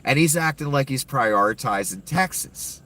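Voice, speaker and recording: A man's voice: medium pitch, lively intonation, normal speed, pushed and bright. A man giving an angry, profane and sarcastic rant of political commentary.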